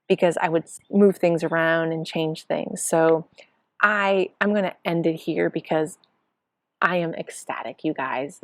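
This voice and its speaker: Middle-aged woman coach, lowish voice, giddy and chatty, recapping her own race. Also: dry recording. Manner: excited, breathless storytelling with acted-out quotes. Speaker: triathlon coach. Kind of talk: casual spoken race report.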